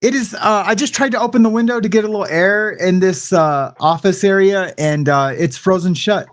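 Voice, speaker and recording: A man in his thirties co-hosts from a home office, his voice noticeably high. He keeps his answers short and easygoing, chiming in calmly. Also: moderate pace. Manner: laid-back, short replies. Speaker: co-host.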